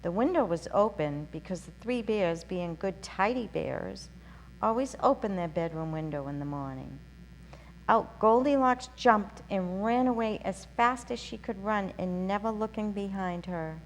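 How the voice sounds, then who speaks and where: A woman hosting a children's story show, reading a storybook aloud in a gentle, sing-song way. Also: mid-range voice. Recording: reverberant room with faint hum.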